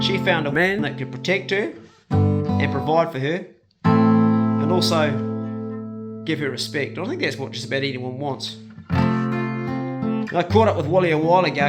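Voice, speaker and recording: New storyteller over loud guitar. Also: male voice, a little high. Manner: rambling, colloquial, chuckling. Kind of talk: casual spoken storytelling. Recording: loud guitar music behind.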